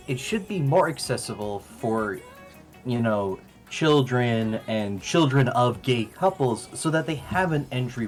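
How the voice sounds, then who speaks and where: A co-host joining a live stream by call, speaking emphatically in casual opinion chat. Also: mid-range voice.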